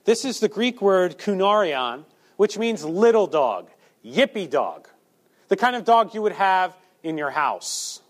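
A man's voice: sits high, very animated, unhurried. A male preacher delivering a sermon, asking the listeners rhetorical questions and acting out quotes.

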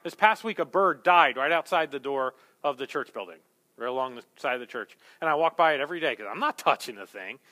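A man preaching a sermon as pastor, conversational and animated, building to emphatic peaks. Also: mid-range voice, fast talker.

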